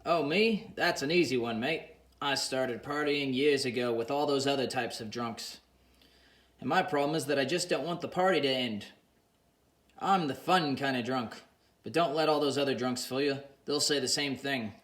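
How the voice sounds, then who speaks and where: A man voicing a boozy, cheeky male drinking buddy who jokes around loudly, in an audiobook reading. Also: mid-range voice, moderate pace, close to an everyday voice. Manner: jokey, slangy, loud and boisterous.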